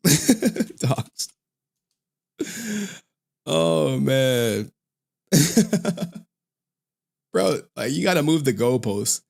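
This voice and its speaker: A man's voice: mid-range voice, animated, drawn-out words, creaky, long pauses, darkish tone. A male streamer in a casual, profane rant to his viewers, slangy and often laughing.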